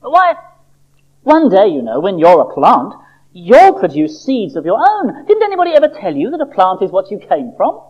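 A preacher voicing a kindly, fatherly male doctor who speaks gravely and reassuringly. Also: medium pitch, wildly swooping pitch, moderate pace, pitched above the performer's own voice. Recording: dull lo-fi recording.

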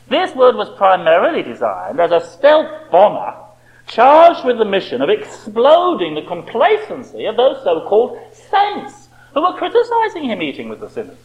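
A man's voice: high voice, vocal fry, dull audio. A man preaching a sermon with impassioned rhetorical questions.

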